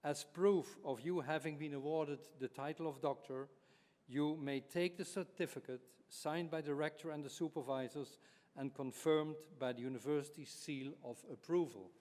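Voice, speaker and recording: A man officiating at a ceremony, reading formal text in a measured way. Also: fairly high pitch, fairly even intonation, a little mellow. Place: university ceremony hall. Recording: echoey hall.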